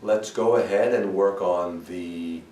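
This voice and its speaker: A man teaching vocal warm-up exercises as a voice coach and demonstrating the sounds himself. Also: slow pace, reverberant, far from the mic. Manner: demonstrates sung vocal exercises, swooping high to low.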